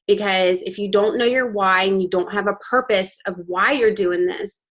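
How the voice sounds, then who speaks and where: A young woman with a medium-pitched, fairly bright voice speaks at a normal speed as a motivational guest speaker for a sales team training talk over a video call. She addresses the team candidly and with emotion.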